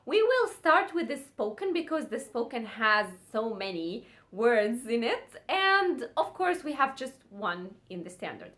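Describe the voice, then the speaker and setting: Lively high-pitched woman teaching. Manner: repeats words slowly, drills conjugations rapidly. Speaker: Arabic teacher. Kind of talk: casual online language lesson.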